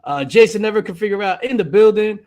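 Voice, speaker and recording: A man's voice: high-pitched, fast, a little mellow. A man hosting a casual live-stream podcast chat, loose and joking, swearing freely. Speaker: podcast host.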